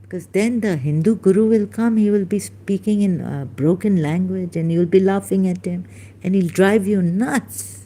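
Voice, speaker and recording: A woman's voice: medium pitch, moderate pace, warm tone. A woman, rambling through a personal story in a meandering, self-interrupting way and mimicking how people pronounce words. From Pakistan. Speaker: vlogger.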